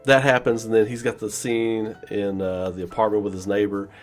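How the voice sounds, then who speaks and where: A man's voice: on the low side, flat delivery, normal speed, faint music behind. A man giving a casual, rambling film review, full of "you know" fillers and acting out scenes in quoted voices. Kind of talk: casual spoken movie review.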